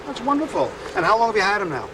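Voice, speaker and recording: A man's voice: big pitch swings, rapid-fire, background noise. A man working as a dog trainer, explaining a temperament test to a couple in a casual, talkative way. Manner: chatty, explanatory, goes high and sing-song coaxing the dog. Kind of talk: on-location dog training demo.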